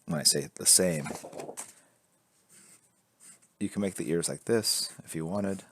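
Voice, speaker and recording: A man with a deep, creaky, slightly bright voice speaks animatedly at a moderate pace as he teaches drawing live on stream. He sketches at an indoor drawing board, explaining construction lines, joking, and reading chat aloud; a camera fixed to the board records him with slight background noise.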